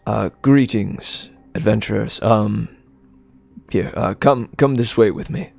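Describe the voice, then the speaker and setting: A man's voice: on the low side, slow pace, gravelly, darkish tone, heavily acted. A man voicing a flustered, courteous village elder who hesitates a lot. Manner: hesitant, courteous, full of ums. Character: flustered, polite old male village elder.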